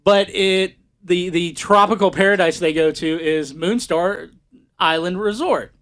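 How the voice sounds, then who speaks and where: Podcast co-host, man, high pitch, rambling casual delivery. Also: measured pace, fairly bright tone. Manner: rambling with many fillers. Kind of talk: casual chat.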